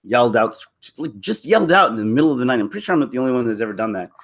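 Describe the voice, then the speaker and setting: A man's voice: medium pitch, expressive, rapid-fire. A man on a live stream, telling a personal story to his viewers in a candid, rambling way with frequent restarts. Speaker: YouTube commentator.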